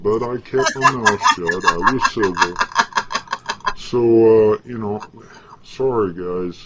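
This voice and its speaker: A vlogger with a lowish voice rambles slowly through a casual, folksy monologue, boasting with an aggrieved edge. The recording is dull, lo-fi, and very noisy.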